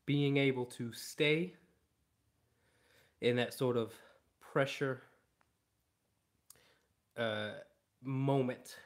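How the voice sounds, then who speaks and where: A man working as a dog trainer, explaining training in an emphatic way and repeating key phrases. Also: mid-range voice. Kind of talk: instructional explanation.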